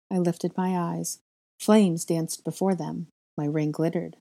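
Woman reading a story out loud, low husky voice, dark and mellow, measured. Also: flat delivery. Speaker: reader of a fan fiction story. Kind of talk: first-person story narration.

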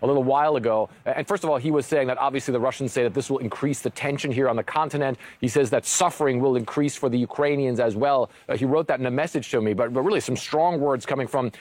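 Fast-talking male correspondent. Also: mid-range voice, darkish tone, no room sound. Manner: brisk reporting with fillers. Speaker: foreign correspondent. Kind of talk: live news report.

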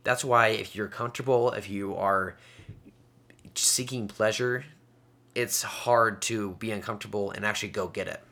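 A young man in his late teens talks on his own podcast in a loose, conversational way. His voice is bright and forward, and he keeps up an upbeat, chatty tone with quick little laughs. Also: fairly low pitch, fairly even intonation. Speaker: podcast host. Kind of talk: casual solo podcast talk.

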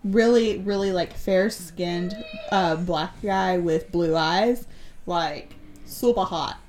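A woman's voice: fairly low pitch, slow, darkish tone, a little hiss or hum. A woman co-hosting a casual comedy podcast who slips in dry, joking comments. She talks loosely and playfully with the others. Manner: wry joking quips. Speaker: podcast co-host.

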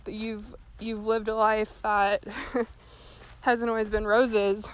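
A woman's voice: mid-range voice, little pitch movement, slow. A young woman hosting a podcast, talking casually and a little out of breath while she walks. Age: young adult. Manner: rambling, folksy, earnest. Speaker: podcast host. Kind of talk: casual solo talk. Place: walking outdoors.

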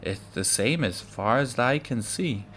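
A man reading aloud, voicing a stern pioneer father in plain, measured speech. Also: mid-range voice, animated, a bit bright, a little hiss or hum. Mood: grim.

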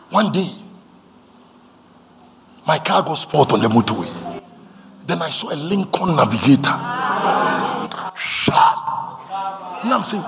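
A man's voice: sits high, lively intonation, measured pace, vocal fry, pauses often, a bit bright, a little hiss or hum. A man preaching a sermon, fervent and repetitive, leading the congregation in call-and-response.

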